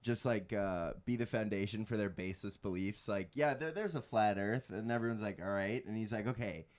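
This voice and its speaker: A man's voice: on the low side, fairly quick. A young man, a comedian guest on a podcast, chatting casually with crude jokes. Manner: crude, joking, puts on mock accents.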